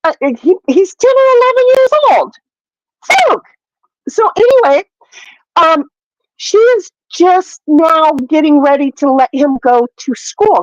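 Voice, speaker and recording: Woman, high voice, rambling casual chat, swears, fillers, dry dull audio. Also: no echo. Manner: rambling, profane, animated ranting with many fillers.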